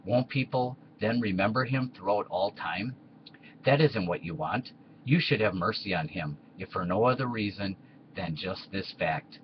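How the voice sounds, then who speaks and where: A man's voice: on the low side, lively intonation, moderate pace, muffled recording, a little hiss or hum, close to an everyday voice. A man voicing Plato as an earnest, persuasive philosopher in a comedy skit.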